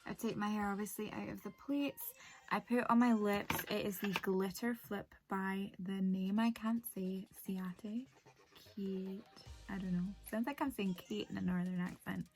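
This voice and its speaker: A woman's voice: medium pitch, fairly even intonation, normal speed, darkish tone, faint music behind. Chatty young woman vlogging. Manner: chatty, rambling, lots of "like" fillers. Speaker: beauty vlogger. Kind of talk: casual make-up tutorial chat.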